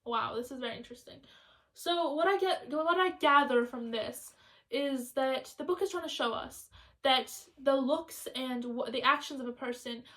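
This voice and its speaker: High-voiced woman rambling about a book. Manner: chatty, rambling, quick and excitable. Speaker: student book vlogger. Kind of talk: casual rambling book review.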